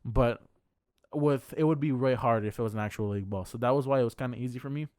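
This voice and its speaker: A man's voice: medium pitch, quick pace, darkish tone, no room sound, studio quality. A young man co-hosting a podcast, telling a long personal story in a casual, heavily profane, rambling way full of fillers. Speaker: podcast co-host.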